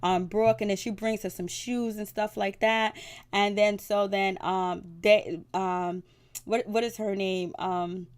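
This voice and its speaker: A woman in a relaxed home recording, talking through a reality-show episode like she's catching up a friend. Her delivery is chatty and loose, sprinkled with slang and playful asides, at an ordinary mid pitch. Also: slow pace, clear, resonant tone. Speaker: TV recap host. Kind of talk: casual chat recapping a reality show.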